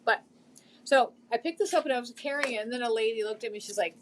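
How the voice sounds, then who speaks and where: A woman's voice: on the high side, fast, slight background noise. A middle-aged woman chatting casually on a live stream about a thrift find, rambling a little with lots of fillers.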